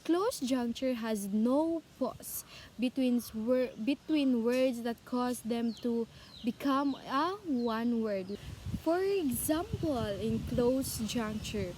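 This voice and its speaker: Slow high-voiced woman explaining. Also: a little mellow, slight background noise. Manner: repeats examples, asks questions and answers them herself. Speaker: presenter explaining speech skills. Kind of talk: informal classroom explanation.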